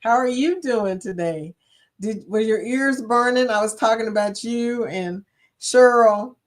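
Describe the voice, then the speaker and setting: A woman's voice: a little high, measured pace. A woman with a Kentucky accent hosting a casual livestream chat, chatting away, reading viewer comments aloud and laughing often. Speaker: livestream host.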